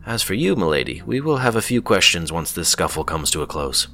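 A man's voice: deep voice, big pitch swings, brisk, pushed and bright, slight background noise, full character voice. A man voicing a blunt, boisterous male warrior in a storybook reading. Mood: gruff hearty. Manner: hearty, calls people lad.

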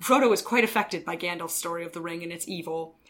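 A woman's voice: fairly low pitch, fast talker, a bit bright. A woman co-hosting a podcast, chatting casually and sarcastically about a film, laughing often. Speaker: podcast co-host. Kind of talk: casual comedic chat reviewing a film.

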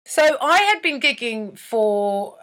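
A middle-aged woman co-hosts a casual comedy podcast. Her pitch swings widely as she tells stories, and she laughs often and drops into silly put-on voices. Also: lively intonation, slow pace, fairly bright tone. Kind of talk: casual chat.

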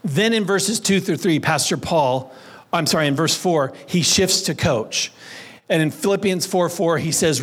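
A man's voice: a little high, a little slow, husky. A man preaching a sermon, reading scripture aloud and playing with words as he leads his congregation in call and response. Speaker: pastor.

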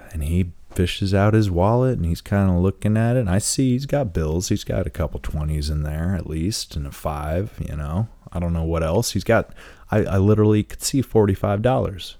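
In a casual storytelling monologue, a male podcast host drifts through a long anecdote, easygoing and frequently profane. His low, mellow voice moves at normal speed, captured close to the mic without echo.

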